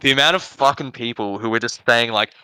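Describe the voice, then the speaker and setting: A man's voice: medium pitch, a little fast, sharp tone, smooth, no room sound. A man with an Australian accent, a podcast guest who jokes and swears freely in casual, laid-back chat.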